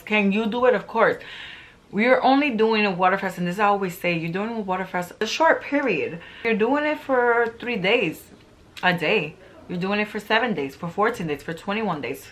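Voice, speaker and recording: Her medium-pitched voice has a fairly bright tone as this middle-aged vlogger talks casually and earnestly to camera. It's motivational talk, and she leans on repeated phrases for emphasis.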